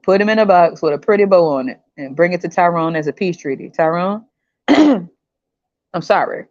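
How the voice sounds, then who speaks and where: A woman hosting a podcast in a casual comedic rant, animated and slangy, often breaking into laughter. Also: on the low side, moderate pace, dry recording, muffled recording. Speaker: podcast host.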